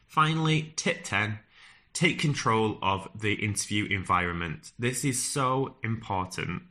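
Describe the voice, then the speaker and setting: A man's voice: lowish voice, animated, a little slow, sharp tone. A man with a strong northern English accent giving direct, earnest advice on phone interviews, with frequent fillers and restarts. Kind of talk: advice talk to camera.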